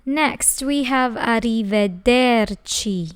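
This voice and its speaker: A woman teaching a language lesson who speaks slowly and carefully, breaking words into syllables. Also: a little high, steady tone, clear, resonant tone. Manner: slow, careful, spells out syllables. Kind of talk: slow scripted lesson.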